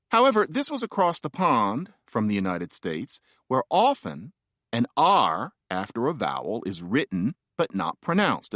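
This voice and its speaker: Wry, animated male audiobook narrator. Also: medium pitch, no echo, studio quality. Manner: wry, playful, conversational asides. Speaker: author reading his own book.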